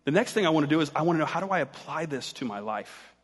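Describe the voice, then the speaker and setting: A man's voice: fairly high pitch, lively intonation, fast talker, husky, in a large hall. A man preaching a sermon as pastor, talking in a casual, conversational way and joking with the congregation.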